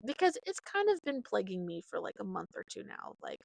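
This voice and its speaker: Young female podcast host, casual and heartfelt, fry in the voice, dry recording. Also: medium pitch, big pitch swings, a little fast, no room sound. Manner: chatty, heartfelt, many fillers. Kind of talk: casual solo podcast chat.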